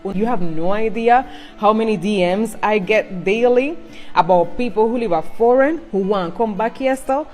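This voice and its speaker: A woman's voice: mid-range voice, normal speed, a little mellow, soft background music. A woman from Cuba, a native Spanish speaker, talking earnestly in English with a Jamaican accent mixed with Spanish and slipping into patois. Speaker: social media creator. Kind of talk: heartfelt personal monologue.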